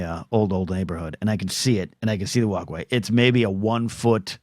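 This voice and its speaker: A man's voice: on the low side, no echo, clean studio sound. A middle-aged man hosting a solo podcast, rambling and self-deprecating, stumbling over restarts and acting out quoted voices. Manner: acts out quoted voices in short bursts.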